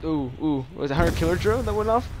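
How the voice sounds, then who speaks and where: A young man casually commenting while playing a shooter game, excitable and prone to loud yelps and mock-dramatic taunts. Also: fairly high pitch, fast, noisy background. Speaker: gaming channel host. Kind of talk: live gameplay commentary.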